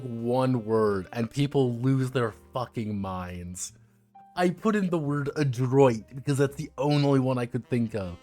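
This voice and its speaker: A man talks casually on a live stream, wandering from joke to joke and cursing as he goes. His pitch swings up and down a lot, and faint music sits under his voice. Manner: rambling, joking, swears freely. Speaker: streamer reviewing a tabletop game book.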